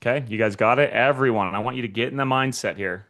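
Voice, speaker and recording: A man's voice: mid-range voice, fast talker. A man giving a motivational sales training talk to real estate agents, speaking straight to his audience and acting out short scenes. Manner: energetic, addresses the audience directly, acts out short scenes.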